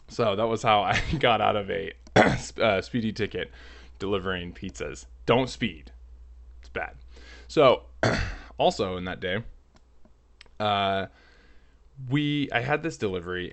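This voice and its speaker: A man telling a personal story in a casual, rambling, animated way, filling his talk with "like", at home. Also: low voice. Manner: rambling, animated, heavy use of "like".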